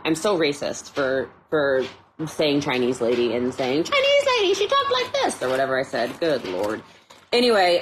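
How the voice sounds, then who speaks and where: A woman with a low voice rambles casually in a vlog and keeps reaching for fillers. There is faint noise behind her. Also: low-quality recording. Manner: rambling, chatty, full of fillers.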